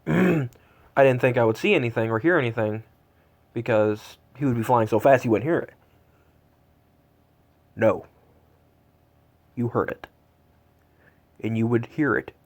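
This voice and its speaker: Here a man in his twenties, a Santa-tracking vlogger, shivers in the cold and rambles with wonder, using plenty of fillers in an excited, casual vlog. The voice is medium-pitched and creaky at normal speed, broken by long pauses.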